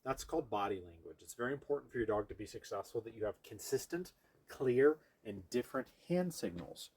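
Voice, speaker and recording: Husky-voiced man teaching dog training. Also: medium pitch, animated, a little fast, darkish tone. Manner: explains step by step to viewers while working a dog; breaks off to praise and coax the dog. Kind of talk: hands-on training demonstration.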